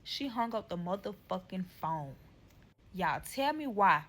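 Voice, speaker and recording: A woman's voice: medium pitch, animated, measured pace, a bit bright. A young woman telling a story time vlog, profane and emphatic, acting out quotes. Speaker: storyteller in a clip.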